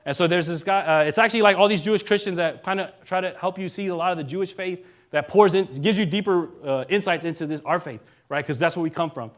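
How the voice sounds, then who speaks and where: A male minister giving a relaxed, conversational sermon, joking now and then and often checking in with the congregation. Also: high voice, fast talker, hardly any pauses. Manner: casual and joking, keeps asking the congregation "right?".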